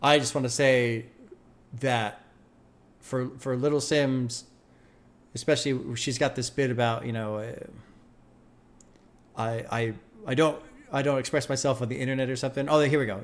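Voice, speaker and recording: A man's voice: mid-range voice, fairly even intonation, moderate pace, pauses often. A man hosting a music reaction video, thinking aloud in casual commentary, emphatic and full of swearing.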